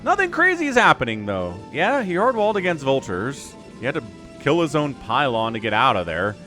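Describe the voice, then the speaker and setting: Animated, chatty male game caster. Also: mid-range voice, brisk, soft background music. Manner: chatty, rambling, excitable. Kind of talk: casual esports commentary.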